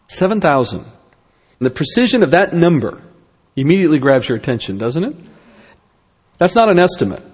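A man's voice: on the high side, in a large hall. A man giving a conversational Bible lesson, with rhetorical questions and wry asides. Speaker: Bible teacher.

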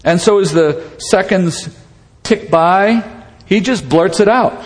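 A man's voice: sits high, takes it slowly. A man preaching a sermon in a conversational, storytelling way, asking rhetorical questions as he goes. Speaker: pastor. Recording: long reverb of a hall.

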